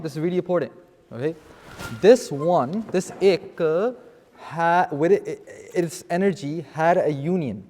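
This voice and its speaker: Speaking in a mellow voice that sits high, this man leads a scripture vocabulary seminar before a live class. He explains each term and keeps asking "okay?", and the hall gives the sound a long reverb.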